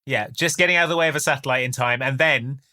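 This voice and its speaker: A man's voice: mid-range voice, fast, bright, forceful tone. A man co-hosting a podcast, recapping a film with sardonic, list-making mockery. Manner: sardonic, piles up mocking lists. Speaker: podcast co-host. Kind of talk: casual comedic film recap.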